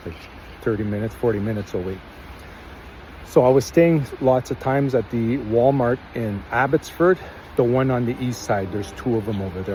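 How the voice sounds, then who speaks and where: A man's voice: medium pitch, mellow, slight background noise, poor audio. A man from Canada telling a long personal story in a casual, rambling, earnest way, acting out quoted lines as he goes.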